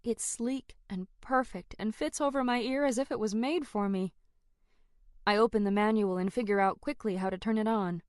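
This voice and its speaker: A woman narrating a first-person fantasy audiobook in an expressive, dramatic way. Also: mid-range voice, normal speed, clear, resonant tone, no room sound, clean studio sound.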